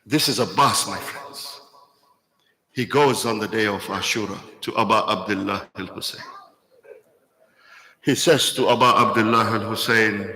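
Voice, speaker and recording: A man's voice: lowish voice, measured pace, long pauses, bright, forceful tone, low-quality recording. A man giving a sermon, telling a mourning narrative with emotive storytelling, stretching phrases and voicing the quoted words of its figures. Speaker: speaker at a Muharram majlis.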